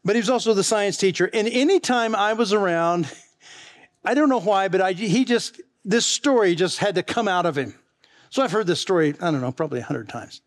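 Middle-aged male pastor, fairly high voice, folksy storyteller in the pulpit. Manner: folksy, chatty, laughs at his own stories. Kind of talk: sermon with storytelling.

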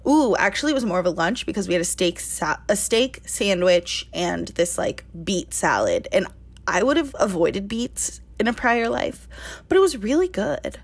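A woman in her twenties telling a lively story on a casual podcast, laughing often and saying "like" a lot. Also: medium pitch, normal speed. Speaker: podcast co-host.

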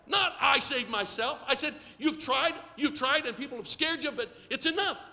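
A middle-aged man preaching in a church with a very high, piercingly bright voice. He leads call-and-response and swings from near-whispered asides to shouted bursts. A long reverb trails his words through the sanctuary. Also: moderate pace, gravelly. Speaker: pastor. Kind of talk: sermon.

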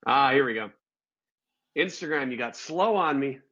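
A man's voice: mid-range voice, animated, normal speed, sharp tone, husky. A man hosting a casual live-stream interview over a video call, upbeat and joking through tech hiccups. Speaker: podcast host. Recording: dull lo-fi live-stream audio.

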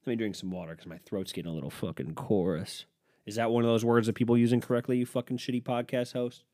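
A man's voice: medium pitch, steady tone, fast, warm tone, dry recording, clean studio sound. A man, hosting a solo podcast and ranting sarcastically, swearing often as he reacts to headlines. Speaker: podcast host. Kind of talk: profane solo podcast rant.

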